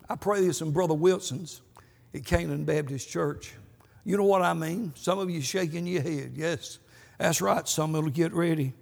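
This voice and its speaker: A man's voice: high voice, creaky, big-room sound. A man preaching a sermon, telling folksy stories and punctuating them with amens. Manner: folksy storytelling, repeated amens. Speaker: pastor.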